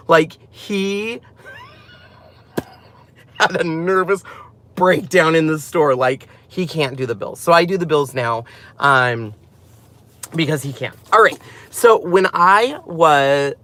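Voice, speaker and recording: A man's voice: on the high side, slow, pauses often, bright, forceful tone. Chatty man hosting a craft live stream. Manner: rambling, chatty, laughs often. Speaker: craft channel host. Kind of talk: casual live stream chat.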